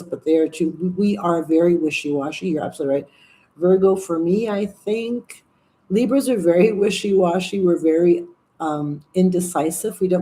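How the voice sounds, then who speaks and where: Lady in her 60s rambling on a live stream, lowish mellow voice, swears a bit. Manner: chatty, rambling, swearing, reading viewer comments. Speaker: livestream host. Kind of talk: casual live chat.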